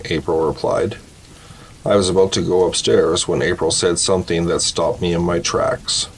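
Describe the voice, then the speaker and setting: A man narrating short horror stories in a slow, measured storytelling voice. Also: low voice, slight background noise, poor audio.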